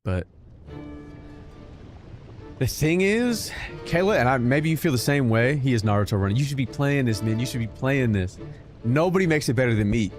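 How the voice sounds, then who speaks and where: A young man streaming a game, giving casual commentary that is joking, animated and full of swearing. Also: medium pitch, moderate pace, pauses often. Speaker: gaming streamer. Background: game music.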